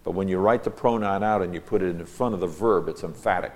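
Male Bible teacher, very low voice, reads verses with weight, then explains them plainly. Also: fairly even intonation, quick pace, hardly any pauses. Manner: reads scripture aloud, then stops to explain Hebrew words.

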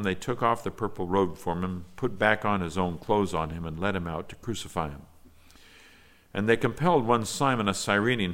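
A man preaching a sermon as pastor, reading scripture aloud in old-fashioned wording and then explaining it in an earnest, measured way. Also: deep voice, fairly bright tone. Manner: measured and earnest, with small fillers when speaking freely.

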